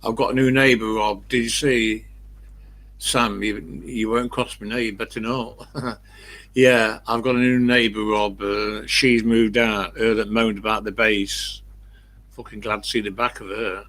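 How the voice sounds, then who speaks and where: A man's voice: on the low side, flat delivery, unhurried, fairly bright tone, poor audio. An older man chatting casually and bluntly with livestream viewers, rambling through anecdotes. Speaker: livestream host.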